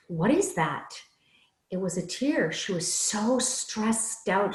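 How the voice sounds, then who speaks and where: A woman's voice: lowish voice, reverberant, poor audio. A woman giving a casual talk on empathy skills, chatty, with many fillers and asides. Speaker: speaker teaching empathy skills.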